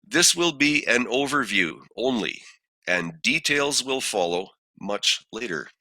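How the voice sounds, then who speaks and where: A man teaching a scripture study lesson, posing questions and reading verses aloud in a deliberate way. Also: medium pitch, animated, bright, forceful tone, no echo. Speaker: bible teacher.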